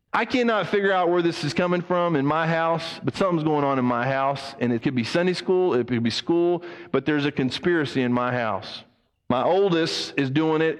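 A man preaches with an animated delivery and acts out the people he quotes. His voice sits a little high for a man. It rings with the long reverb of a church hall. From United States. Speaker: pastor. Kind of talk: sermon.

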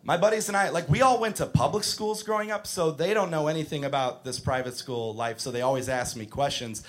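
A man doing a crude stand-up comedy set, ranting and shouting mock arguments. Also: on the high side, fairly quick.

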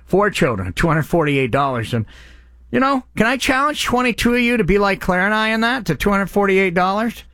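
A man's voice: high voice, very animated, fairly quick, fairly bright tone, dry recording. Impassioned male radio host, dry sound. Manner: impassioned, earnest. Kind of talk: radio charity appeal.

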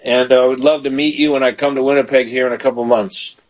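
A man's voice: medium pitch, fairly even intonation, fast, low-quality recording. A man hosting a call-in radio show as a pastor, praying fervently with callers and bursting into praise.

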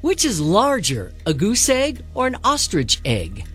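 A woman co-hosting a radio show, reading quiz questions quickly and clearly. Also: medium pitch, wildly swooping pitch, a bit bright, soft background music.

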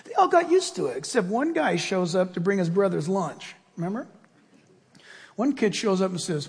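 A male pastor delivers a lively sermon, acting out little voices in his stories. His voice sits high and leaps around in pitch. It carries a husky grain and rings with the long reverb of a large hall. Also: brisk. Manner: animated storytelling with acted-out voices.

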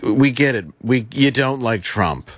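A man's voice: medium pitch, measured pace, no room sound. A man co-hosting a radio talk show, teasing and telling tall stories. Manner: joking, teasing storyteller. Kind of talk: casual chat.

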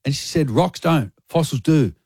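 A man's voice: on the high side, moderate pace, breathy edge, no echo. A man hosting breakfast radio, telling a story in a casual chat and acting out the voices of the people in it. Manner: animated, acts out quotes. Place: radio studio.

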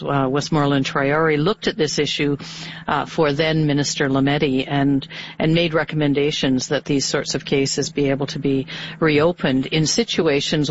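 A woman, a senator answering interview questions in a measured, halting way with many fillers. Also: low-pitched, lo-fi sound, a little hiss or hum. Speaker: senator, guest.

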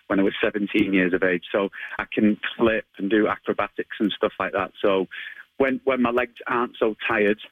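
A British man in his thirties telling his story in a chatty way, restarting phrases and laughing easily. His voice sits fairly low. The sound is dry and close. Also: steady tone, moderate pace, no room sound, narrow, tinny audio. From United Kingdom. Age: 30s. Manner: chatty, laughs often, repeats words on starting. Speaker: interview guest. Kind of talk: casual interview chat.

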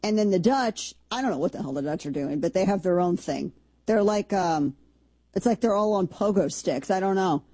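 A woman's voice: medium pitch, lively intonation, moderate pace, mellow, dry recording. A woman hosting a show, giving casual commentary full of rambling, sarcastic asides. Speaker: show host.

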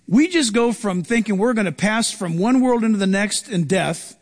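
A man's voice: high-pitched, normal speed, hardly any pauses, in a large hall. A man preaching a sermon, reading scripture and acting out the voices of the people in it. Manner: animated, acts out quoted voices.

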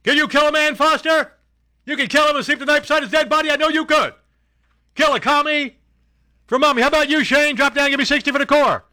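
A man putting on a gung-ho drill sergeant who shouts taunts in a high, strained voice. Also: quick pace, full character voice. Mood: barking.

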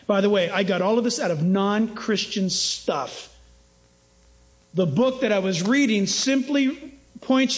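A man's voice: very high-pitched, poor audio. A man preaching a sermon as pastor, emphatic and mocking, with rhetorical questions.

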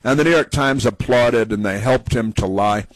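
A male talk radio host delivers opinionated commentary in a rambling, sarcastic way. His voice sits at a middling pitch. The recording is dry and close, with no room sound. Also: moderate pace, no echo, low-quality recording.

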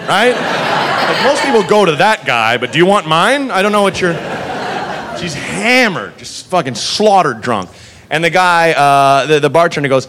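A man doing stand-up comedy, telling a long story and acting out the people in it with loud, profane energy. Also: a little high, normal speed, slight background noise. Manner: animated, profane, acts out characters mid-story. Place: comedy club stage with live audience.

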